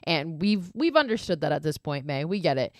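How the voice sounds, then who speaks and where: A woman's voice: low voice, a little fast, no echo, studio quality. Chatty, swearing woman recapping a horror film. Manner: chatty, swears freely, many "like" fillers; animated quoting of characters. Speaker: podcast host.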